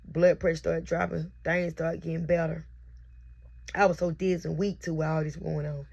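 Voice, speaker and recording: A woman's voice: low-pitched, flat delivery, moderate pace, gravelly, darkish tone, slightly rough. A young mother recording herself on camera as she tells a heartfelt, repetitive birth testimony. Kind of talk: emotional personal testimony. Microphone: self-recorded on camera.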